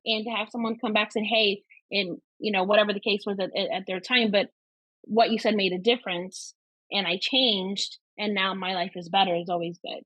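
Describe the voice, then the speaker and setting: A woman with a Texan accent in casual podcast chat, thinking out loud with hedges and restarts. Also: mid-range voice, fairly even intonation, brisk, dry recording, low-quality recording. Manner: thoughtful, many hedges and restarts.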